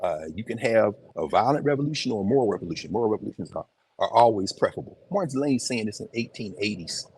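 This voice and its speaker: A man giving an informal, animated lecture on location in a museum, talking conversationally with emphatic asides. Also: fairly low pitch, fast, slight background noise. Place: museum, indoors.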